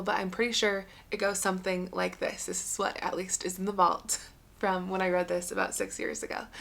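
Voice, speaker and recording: A woman's voice: mid-range voice, vocal fry, a bit bright. Young adult woman, podcast host, earnest and encouraging, plain conversational delivery. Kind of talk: solo podcast talk.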